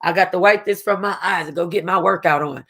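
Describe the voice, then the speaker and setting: A woman's voice: lowish voice, a little fast, a bit bright. A woman host casually reviewing a reality TV episode, emotional and close to tears, rambling with restarts and slang. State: close to crying. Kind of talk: casual chat.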